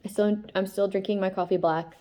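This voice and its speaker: A woman's voice: mid-range voice, fairly even intonation, brisk, very noisy. A woman with a stuffed-up nose giving a casual tarot reading, chatty and full of fillers, often checking in with "okay?" and now and then reading passages aloud. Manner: chatty, filler-heavy, keeps asking "okay?", laughs often. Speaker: tarot reader. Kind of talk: casual spiritual chat with read-aloud passages.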